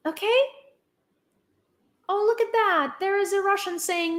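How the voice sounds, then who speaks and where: A young woman with a high voice talks straight to her viewers in live-stream commentary. She is blunt and sarcastic, openly condescending, and swears freely. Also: measured pace, a bit bright. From Ukraine. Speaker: vlogger.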